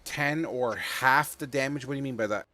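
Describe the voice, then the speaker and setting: A man's voice: medium pitch, moderate pace, bright, forceful tone, no room sound. A man running a tabletop game as game master, joking and swearing loosely as he narrates.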